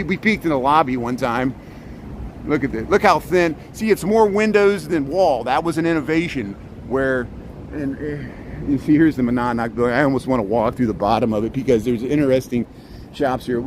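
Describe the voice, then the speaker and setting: A man's voice: medium pitch, normal speed. A man, live-streaming a walking tour, pointing things out in a chatty way and often restarting his sentences. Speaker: vlogger streaming a city walk. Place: walking outdoors on a city street, then inside a building arcade. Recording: echoey arcade, traffic noise.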